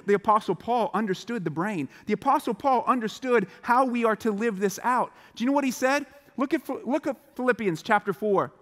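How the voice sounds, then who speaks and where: A man giving a motivational chapel talk to students, animated and acting out the voices of the people in his stories. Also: sits high, big-room sound. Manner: animated, acts out quoted voices. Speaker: chapel speaker. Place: large school chapel hall.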